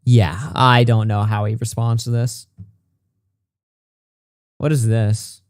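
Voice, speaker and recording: A clear, resonant mid-range voice with little pitch movement belongs to a man hosting a commentary show, recorded without echo. He reads messages and reports fast and responds in a blunt, profane way.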